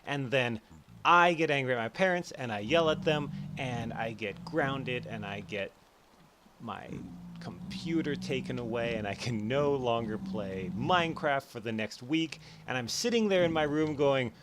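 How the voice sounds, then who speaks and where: A man explaining psychology in a casual, animated way over gameplay, acting out his own thoughts in quick bursts. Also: mid-range voice, background noise. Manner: animated, acts out his own inner voices. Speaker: educational YouTuber.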